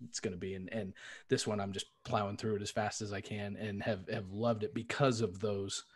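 A man's voice: on the low side, level tone, brisk, slightly rough. A man hosting a podcast, asking the guest long, wandering questions while he searches for the right words. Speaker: podcast host. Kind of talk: casual interview questions.

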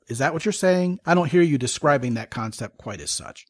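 A male podcast host talks frankly through relationship examples and stops to check what his guest means. His voice is mid-pitched and sits in a dry room with little echo. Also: animated, fairly quick, few pauses. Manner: frank, probing, lays out examples and checks understanding. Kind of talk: podcast interview.

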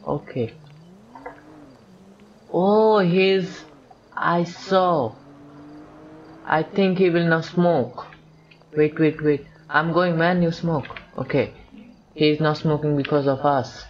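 A man's voice: fairly high pitch, slow pace, pauses often, lo-fi sound, slight background noise. A man gives casual commentary on a video game he is playing, rambling and talking to himself and to the characters on screen. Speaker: gameplay commentator. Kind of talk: casual let's-play commentary.

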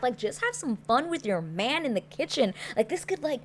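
A young woman hosting a casual show recap, chatty and animated, with plenty of filler words. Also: high-pitched, moderate pace. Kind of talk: casual chat.

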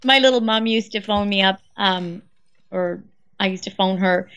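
A woman's voice: mid-range voice, moderate pace, a bit bright, clear, resonant tone, muffled recording. A woman guest voice actress in casual chat, who tells stories and laughs often. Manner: chatty, laughs often, storytelling.

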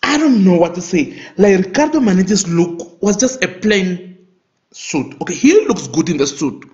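A man, giving casual, opinionated fashion commentary with big animated swings in his voice. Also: high-pitched, moderate pace. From Namibia. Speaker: fashion vlogger. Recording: dull lo-fi recording.

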